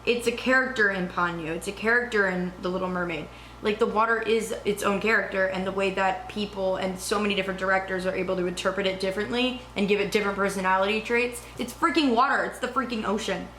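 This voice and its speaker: A young woman vlogging in a casual, rambling, excitable way, cursing now and then. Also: mid-range voice, fast, reverberant, slight background noise. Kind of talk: casual chat.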